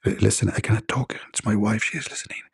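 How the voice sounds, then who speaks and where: A man voicing a nervous man on the phone who hushes and dodges so his wife won't hear. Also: on the low side, level tone, fast, gravelly, husky, voice pushed down, exaggerated voice. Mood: furtive. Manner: hushed and evasive, half-whispered.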